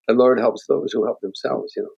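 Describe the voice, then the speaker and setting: A man's voice: mid-range voice, fairly even intonation, a little fast, vocal fry, a little mellow, husky, highs cut off. A man, a guest comedian on a podcast, telling stories and giving earnest motivational advice, often restarting his sentences. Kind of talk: podcast interview storytelling.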